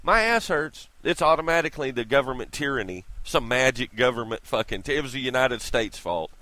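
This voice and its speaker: A man's voice: mid-range voice, lively intonation, brisk, sharp tone. A man ranting in a vlog, irritated, profane and sarcastic, talking close to the mic. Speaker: vlogger. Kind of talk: profane opinion rant.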